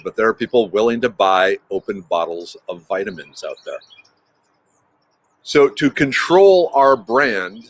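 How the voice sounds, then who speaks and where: A man chatting casually as the host of a livestream. He talks at an ordinary middle pitch, rambles and often restarts his sentences. He greets his viewers by name as he goes.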